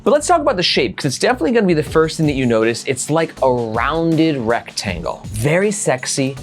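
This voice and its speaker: A man's voice: a little high, fairly quick, faint music behind. A man hosting a casual gear review vlog, joking and swearing casually as he talks. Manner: jokey, animated, swears casually.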